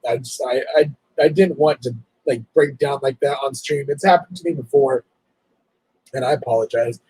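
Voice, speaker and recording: A man hosting a casual livestream, talking in an emotional, halting, apologetic way. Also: medium pitch, darkish tone, husky, dry recording, poor audio. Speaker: livestream host.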